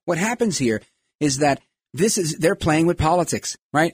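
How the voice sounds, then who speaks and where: A man's voice: fairly high pitch, expressive, moderate pace, husky, no echo. A man hosting a podcast, giving emphatic political commentary and acting out quoted voices. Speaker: podcast host.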